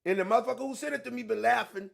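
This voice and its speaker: A man hosting a casual livestream, talking with emphasis and profanity and repeating himself to drive points home, moving between low mutters and loud outbursts. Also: very fast, vocal fry. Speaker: online show host.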